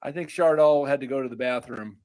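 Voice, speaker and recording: A man's voice: medium pitch, a little fast, darkish tone. A man hosting a casual livestream chat, bantering playfully and teasing his guest. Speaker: host.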